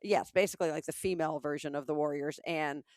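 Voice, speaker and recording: A woman's voice: deep voice, fairly even intonation, fast talker, a little mellow, dry recording, clean studio sound. A middle-aged woman from the American South with a Southern accent, co-hosting a podcast with wry asides and explanations. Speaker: podcast co-host. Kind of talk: casual chat.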